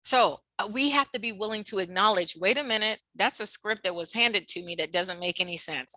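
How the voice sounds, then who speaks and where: Bright, lively woman presenter. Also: medium pitch, fairly quick, hardly any pauses, dry recording, low-quality recording. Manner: expressive, acts out quoted voices, laughs often. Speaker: workshop presenter. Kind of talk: animated webinar talk.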